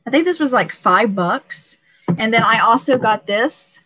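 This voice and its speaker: A woman's voice: fairly high pitch, lively intonation, unhurried, pushed and bright, no room sound, low-quality recording. A young pregnant woman hosting a casual live stream, talking emotionally and laughing often, with many restarts.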